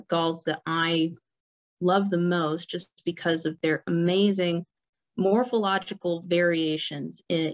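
A woman giving an informal illustrated lecture as a nature center presenter, relaxed and full of fillers and restarts. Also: fairly low pitch. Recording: dull lo-fi recording.

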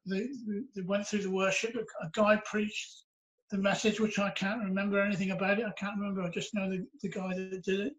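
A man's voice: sits high, flat delivery, fairly quick, fairly bright tone, lo-fi sound. A man recounting a personal story in an earnest, reflective way during a church interview. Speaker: interviewee sharing his testimony.

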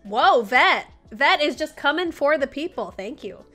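A young woman speaks unhurriedly in a high, sharp voice with lively intonation. She's a community manager hosting a casual livestream, chatty with viewers and using baby talk on her dog, with faint music in the background.

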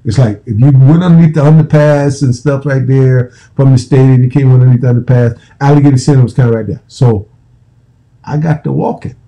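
Man in his fifties, american, former football player, casual profane storytelling, very dark voice. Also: medium pitch, steady tone, brisk, poor audio. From United States. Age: 50s. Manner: profane, repetitive, restarting phrases.

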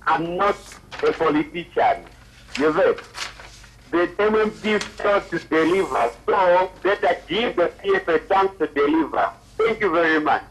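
High-voiced male caller, blunt. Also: expressive, measured pace, slight background noise, low-quality recording. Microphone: phone call.

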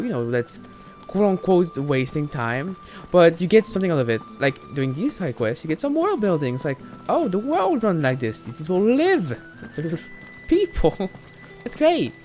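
A woman streaming a video game, chatting in an excitable, giggly, rambling way. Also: low-pitched, moderate pace, faint music behind. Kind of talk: casual gameplay commentary.

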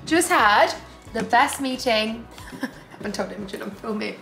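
A young woman, a vlogger, chatting fast and laughing often about her day. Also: a little high, pushed and bright, soft background music. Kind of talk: casual vlog chat. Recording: echoey room with faint hiss.

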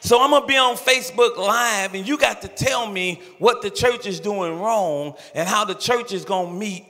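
An older male pastor preaching an impassioned, pleading sermon with rhythmic repeated phrases and shouted peaks, recorded in a large church sanctuary. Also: sits high, moderate pace. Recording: echoey church hall with long reverb.

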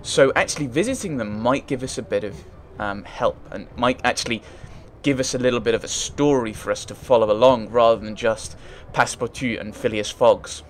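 A man's voice: mid-range voice, brisk, few pauses, a little hiss or hum. A man playing a story game, reading its text aloud and thinking aloud in casual, hesitant commentary. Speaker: let's play gamer.

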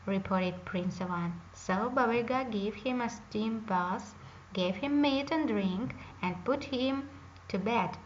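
A woman telling a fairy tale in English, reading slowly and carefully, on a dull lo-fi recording. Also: fairly high pitch. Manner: slow, careful reading aloud. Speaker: storyteller. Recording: dull lo-fi recording with faint hiss.

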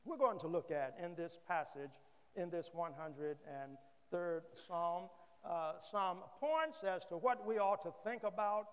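Slow-preaching man in a reverberant church. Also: high voice, clean tone. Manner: measured, frequent "uh" pauses, repeats key phrases. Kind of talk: sermon. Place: church sanctuary.

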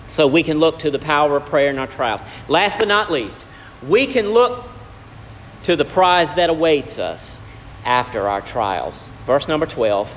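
A man preaching a sermon as pastor, swinging from loud, raised lines down to hushed ones. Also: fairly high pitch, sing-song, a little slow, a little hiss or hum. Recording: long hall reverb with faint ambience.

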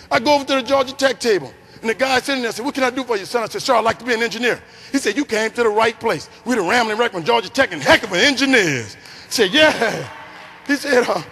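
New Orleans man, very high voice, animated motivational speaker, big hall echo. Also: quick pace, a little hiss or hum. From New Orleans, Louisiana. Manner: animated, acts out voices in his story. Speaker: keynote speaker. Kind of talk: motivational storytelling speech. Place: large conference hall. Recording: long hall reverb.

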